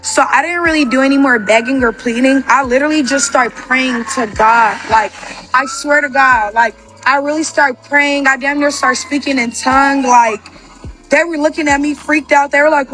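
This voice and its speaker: High-voiced young woman, rambling storytime. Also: steady tone, a bit bright. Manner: rapid, filler-heavy with constant "like". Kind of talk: casual storytime.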